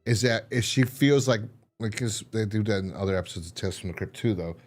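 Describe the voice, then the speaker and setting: A man's voice: lowish voice, fast talker. A man co-hosting a casual review podcast, retelling a TV episode with lots of animation and laughter. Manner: animated storytelling, laughing and mimicking characters. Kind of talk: casual chat.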